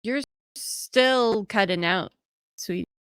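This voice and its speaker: A woman's voice: medium pitch, slow, a bit bright, clear, resonant tone, dry recording, studio quality. A woman joining friends on voice chat, teasing them and giggling. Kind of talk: casual chat.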